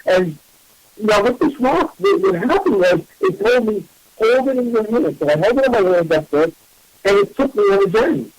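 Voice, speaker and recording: A man, a psychic medium hosting a radio show, telling a story in a casual, animated and self-mocking way. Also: high-pitched, normal speed, no echo, low-quality recording.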